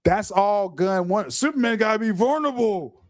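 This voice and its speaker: Animated high-voiced man laughing through commentary. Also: moderate pace, no room sound, studio quality, faint music behind. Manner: laughs often, animated and mocking. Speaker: podcast host. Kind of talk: reaction commentary on a clip.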